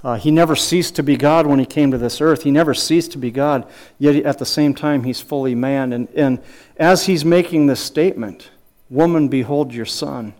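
A man's voice: medium pitch, darkish tone. A middle-aged man preaching a sermon, asking questions and quoting scripture, with frequent restarts and small chuckling asides. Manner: earnest teaching with rhetorical questions and scripture quotes. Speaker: pastor.

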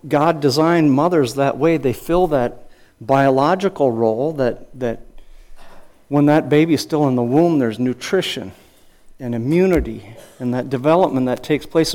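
An older man preaching a sermon in a folksy, conversational way, telling a family story and often repeating words as he goes. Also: medium pitch. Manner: storytelling, animated when acting out his father's yelling. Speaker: pastor.

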